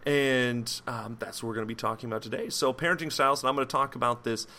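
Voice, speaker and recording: A man hosts a solo podcast, talking through a lesson in an easygoing, rambling way. He fills pauses with "um" and "uh," corrects himself mid-sentence and throws in jokey asides. His voice sits at an ordinary middle pitch. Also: steady tone, sharp tone, slight background noise. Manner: rambling, loose, with many fillers and self-corrections; jokey asides, mock French accent on foreign words. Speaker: podcast host. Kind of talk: casual solo podcast lecture.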